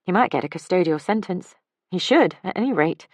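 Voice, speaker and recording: Woman reading an earnest young woman, insistent, higher voice, dry sound. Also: lively intonation, a little fast, dry recording.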